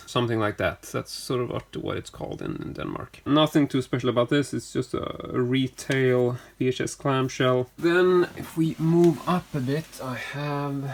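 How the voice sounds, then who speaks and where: Male vlogger, average pitch, relaxed and rambling collector who keeps correcting himself. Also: creaky, a little hiss or hum. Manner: rambling, filler-heavy, self-correcting. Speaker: collector showing his collection. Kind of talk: casual collection vlog.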